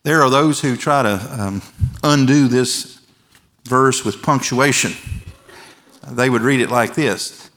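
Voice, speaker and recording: A pastor in his forties preaching a sermon in a large church, earnest and emphatic, letting key phrases drop soft and quiet. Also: medium pitch, slow pace, long pauses. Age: 40s. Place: large church with overflow rooms.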